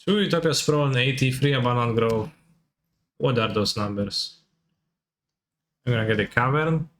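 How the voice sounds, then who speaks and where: A man's voice: mid-range voice, moderate pace, fairly bright tone. A man with a Russian accent casually commentating his card game on a live stream, answering chat and swearing offhandedly.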